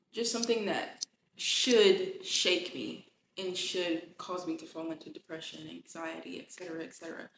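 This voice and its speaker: Woman, podcast host, faith talk, emphatic, repeats for emphasis, echoey room, faint background hiss. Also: on the low side.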